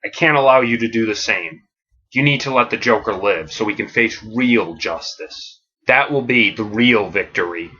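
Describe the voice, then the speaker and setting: A man voicing an earnest, reformed male vigilante in a comedic pitch, speaking solemnly and pleadingly. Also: expressive, moderate pace, pushed and bright, muffled recording.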